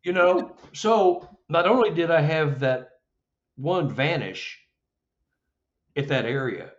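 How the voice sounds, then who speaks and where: A middle-aged man telling a story as an interview guest, acting out the dialogue with lively jumps in his voice. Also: slow pace. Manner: animated, acts out dialogue with rising pitch. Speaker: Sasquatch investigator, guest. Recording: dull lo-fi audio.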